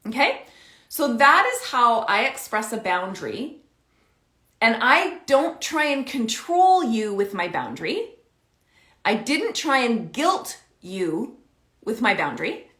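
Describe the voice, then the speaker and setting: A woman coaching parents in a casual, animated talk, acting out both sides of an everyday conversation. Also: a little high, slow, roomy sound. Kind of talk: casual teaching talk to camera.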